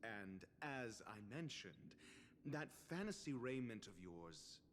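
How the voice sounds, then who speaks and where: A man's voice: mid-range voice, sing-song, slow pace, slight background noise. An actor playing a haughty, scornful male scholar doctor in a video game, speaking in a cold, lecturing, condescending way. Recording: game audio with background music.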